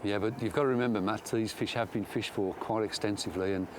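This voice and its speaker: A man's voice: fairly low pitch, fairly even intonation, quick pace, noisy background. An older man, giving chatty, self-mocking commentary outdoors by a lake while he fishes. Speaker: angler presenter. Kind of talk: casual commentary while fishing.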